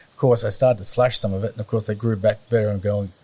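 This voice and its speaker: A middle-aged Australian man chatting as a podcast guest, rambling and often pausing to search for words. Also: fairly low pitch, fairly even intonation, warm tone, breathy edge. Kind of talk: casual conversation.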